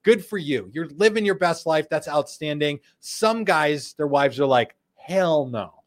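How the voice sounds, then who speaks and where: A man's voice: on the high side, expressive, normal speed. A man hosting a casual live stream, chatting and joking as he reads viewer comments aloud. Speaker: host. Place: studio in Phoenix.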